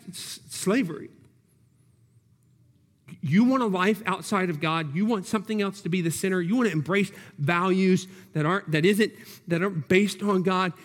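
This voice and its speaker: High-voiced preacher in a reverberant hall. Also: male voice. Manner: emphatic, repeats key words, asks the congregation questions. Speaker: pastor. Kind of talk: sermon.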